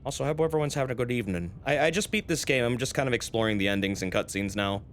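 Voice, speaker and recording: A man's voice: medium pitch, rapid-fire, slight background noise. A man streaming a game, casually chatting, reacting and explaining it to viewers. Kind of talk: casual gameplay commentary. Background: game music.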